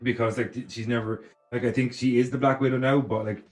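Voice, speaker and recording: A man's voice: mid-range voice, little pitch movement, quick pace, faint music behind. A man co-hosting a podcast, blunt and opinionated, swearing freely in casual chat. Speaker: podcast co-host.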